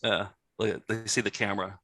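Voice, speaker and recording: A man co-hosting a comedy show, excitable and joking, talking over clips. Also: lowish voice, brisk. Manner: excitable, jokey, lively. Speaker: co-host. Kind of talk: casual comedic chat.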